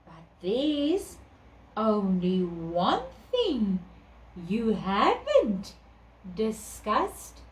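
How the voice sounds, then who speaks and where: A woman voicing a wise old forest owl who hoots between words, in a storybook reading. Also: sing-song. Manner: high fluttery hooting, drawn-out. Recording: echoey room, distant mic.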